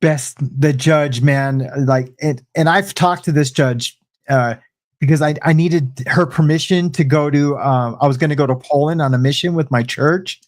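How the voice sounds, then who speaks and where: A man recounting his past in an easygoing interview, speaking in halting bursts full of restarts and fillers. His voice sits a little higher than average for a man. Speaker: guest sharing testimony. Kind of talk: casual conversational storytelling.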